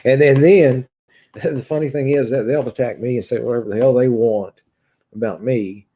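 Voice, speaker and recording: A man with a Kentucky accent hosting a livestream, reading viewers' comments aloud in a halting, casual way full of filler sounds and restarts. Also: medium pitch, fairly even intonation, warm tone, slightly rough. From Kentucky, USA. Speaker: livestream host reading chat.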